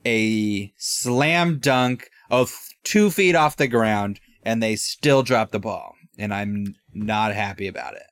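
A man's voice: lowish voice, takes it slowly, few pauses. A man co-hosting a comics podcast, talking in a playful, reflective way in casual chat. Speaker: podcast co-host.

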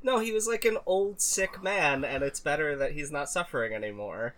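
A man's voice: a little high, expressive, normal speed, fairly bright tone. A man hosting a podcast, chatting casually with playful, giggly banter. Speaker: podcast host. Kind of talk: casual chat.

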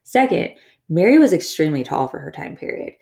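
A woman's voice: sits low, sing-song, fairly quick, creaky, warm tone. A woman narrating history in a casual scripted style, full of wry, sarcastic asides. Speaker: history podcast host.

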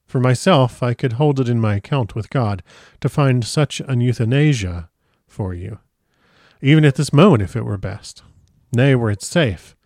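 A man voicing a fatherly old doctor who pleads slowly and solemnly in old-fashioned speech. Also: mid-range voice, a little mellow, no echo, clean studio sound, lightly acted. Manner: slow, solemn, archaic and imploring.

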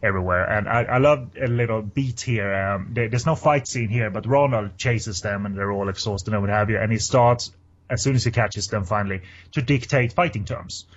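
A man's voice: on the low side, moderate pace, muffled recording. A man chatting casually as a podcast co-host about a film, rambling with many fillers and restarts. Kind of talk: casual chat.

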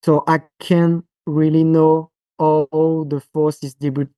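French-accented man, halting and mellow. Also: fairly high pitch, level tone, no echo. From France. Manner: halting, many fillers and restarts. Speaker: guest physiotherapist. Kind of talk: podcast interview.

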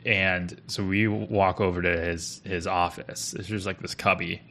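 A man's voice: deep voice, little pitch movement, measured pace, a bit bright, a little hiss or hum. A young man co-hosting a podcast, telling stories casually and rambling with lots of fillers and restarts. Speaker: podcast co-host. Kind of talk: casual storytelling chat.

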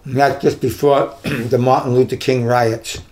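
An older man who once worked as a detective tells career stories in an interview, taking his time as he speaks in a mid-range voice. He's animated and performs the voices he quotes. The recording quality is rough.

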